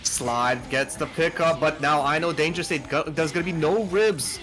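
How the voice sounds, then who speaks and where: A young man calling a fighting game match live, excitable and quick to jump up at big moments. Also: a little high. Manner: excitable, calls plays, swings up to near shouts. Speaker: esports play-by-play commentator.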